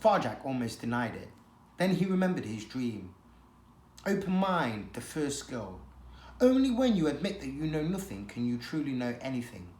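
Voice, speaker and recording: A teacher reading a children's novel aloud, with an expressive, dramatic storytelling manner. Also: medium pitch, normal speed. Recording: echoey room.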